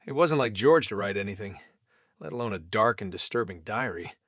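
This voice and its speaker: A man narrating a fan fiction story with an expressive, lively reading. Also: on the low side, normal speed, no room sound, studio quality.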